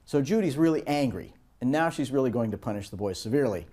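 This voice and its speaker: Man telling a lecture story, dark tone. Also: mid-range voice, quick pace. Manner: animated anecdotes. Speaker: course instructor.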